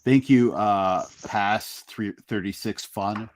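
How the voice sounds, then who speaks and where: A man's voice: lowish voice, slow. A man co-hosting a podcast, chatting casually about a movie, laughing and swearing now and then. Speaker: podcast co-host. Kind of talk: casual movie review chat.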